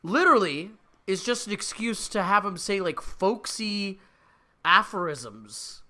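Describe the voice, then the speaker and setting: A man's voice: high-pitched, very animated, moderate pace, bright, forceful tone. A man co-hosting a podcast in casual chat, wry and emphatic as he gives strong opinions. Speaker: podcast co-host.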